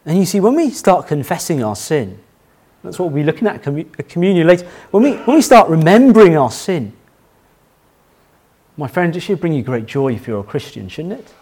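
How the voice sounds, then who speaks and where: Pastor man preaching, kinda high voice, bouncy and animated, tells stories. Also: fairly quick, slightly rough. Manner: anecdotal, emphatic, repeats key phrases. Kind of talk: sermon.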